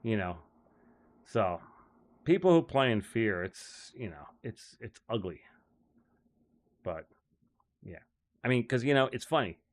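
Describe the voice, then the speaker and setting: A man's voice: on the low side, very animated, a little slow, long pauses. A man who works as a golf caddie, talking casually in a rambling way with many fillers and restarts, chuckling as he goes. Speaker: golf caddie and show host.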